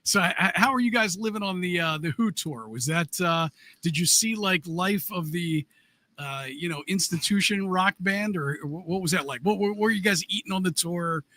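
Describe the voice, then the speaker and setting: A man co-hosting a podcast, asking halting questions in casual chat. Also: high voice, bright, forceful tone. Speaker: podcast co-host.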